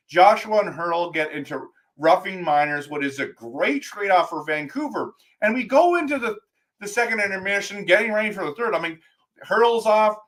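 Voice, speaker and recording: High-pitched man, livestream host, fan rant, exasperated and animated. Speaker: live stream host. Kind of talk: post-game fan talk.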